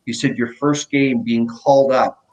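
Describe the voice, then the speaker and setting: A man's voice: medium pitch, normal speed, rough recording. Middle-aged man telling hockey stories. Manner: animated anecdotes, acts out quotes. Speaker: guest, former pro hockey player. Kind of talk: casual storytelling interview.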